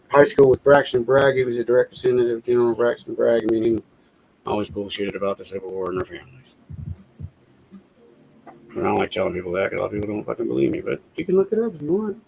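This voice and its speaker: A man's voice: fairly low pitch, vocal fry, darkish tone, slight background noise, poor audio. A man from the American South with a Southern accent, chatting in a laid-back way and swearing often. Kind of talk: casual chat.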